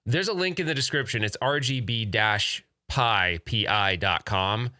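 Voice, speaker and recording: A man's voice: fairly low pitch, measured pace, pushed and bright, no room sound, clean studio sound. A man hosting a casual podcast, talking in an enthusiastic, rambling way with many restarts. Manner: rambling, self-interrupting, enthusiastic. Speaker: podcast host.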